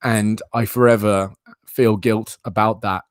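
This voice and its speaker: A man's voice: fairly low pitch, steady tone, unhurried, clean tone, dry recording. A young man hosting a live stream, chatting in a playful, rambling, self-mocking way. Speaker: livestream host. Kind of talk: casual live-stream chat.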